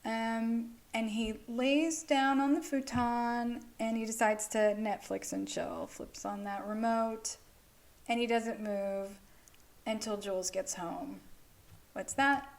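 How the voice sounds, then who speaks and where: A fairly high-voiced woman tells a story to the camera in a relaxed vlog style, animated and blunt. She swears freely and keeps checking in with her listener as she explains. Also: slow pace. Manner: animated, frank, swears freely, peppers speech with "like" and "okay?".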